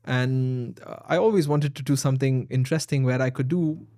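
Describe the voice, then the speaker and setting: A man with an Indian English accent, in his thirties, speaks at a brisk clip and keeps his pitch in the middle range. He tells a personal story as a podcast guest and acts out the voices in it. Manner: animated storyteller acting out dialogue. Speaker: guest, founder.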